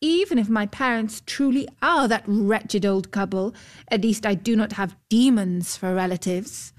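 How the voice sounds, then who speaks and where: A woman's voice: mid-range voice, measured pace, natural voice. A woman voicing a jealous, proud young lady in a storybook, haughty and scornful.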